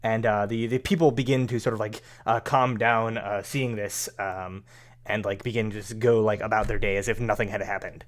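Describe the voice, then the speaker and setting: A man's voice: fairly low pitch, fairly even intonation, moderate pace. Hesitant man narrating a tabletop game. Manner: hesitant, heavy with fillers. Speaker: game master.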